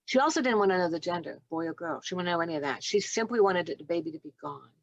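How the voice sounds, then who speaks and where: A woman's voice: lowish voice, racing, no echo, dull audio. A woman in her sixties, a nurse and doula, telling stories in a podcast interview, acting out the dialogue and laughing often. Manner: animated storyteller who acts out dialogue and laughs often.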